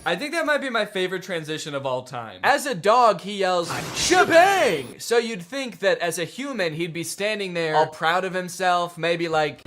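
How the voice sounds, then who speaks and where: Brief: a young guy riffing on a movie, exasperated and sarcastic, pitch all over the place. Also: expressive, normal speed, few pauses, a bit bright, faint music behind. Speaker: commentary youtuber. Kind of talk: comedic movie commentary.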